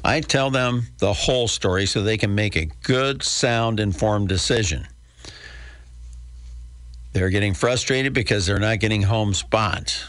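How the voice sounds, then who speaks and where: A man's voice: lowish voice, a little slow, fairly bright tone, no room sound, studio quality. An older man hosting a real estate radio show in a folksy, chatty way with wry asides. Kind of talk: casual radio talk with a live ad read.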